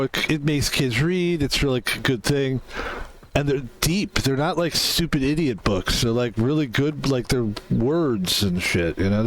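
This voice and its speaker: A man casually commenting while playing a video game, rambling between jokes and swearing freely. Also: mid-range voice. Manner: rambling, profane, joking asides. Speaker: gaming YouTuber. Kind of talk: casual let's-play commentary.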